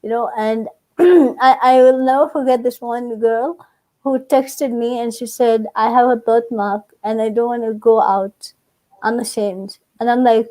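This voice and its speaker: A woman's voice: fairly high pitch, unhurried, poor audio. A woman, a guest on a live online panel, telling her story with emotion and quoting herself and others. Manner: emotional, animated storytelling with quoted dialogue.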